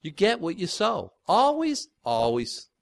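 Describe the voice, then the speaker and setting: A man's voice: high voice, huge pitch swings, unhurried, creaky. A man preaching a sermon in an emphatic, conversational way, repeating his key points. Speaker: pastor.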